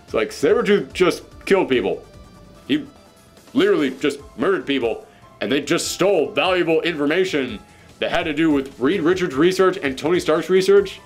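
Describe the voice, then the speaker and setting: A man reviewing comics in a loose, conversational way. His voice sits slightly high, and he recaps with animated disbelief. Faint music runs in the background. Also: moderate pace, slightly rough. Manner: animated, incredulous storyteller. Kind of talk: casual commentary.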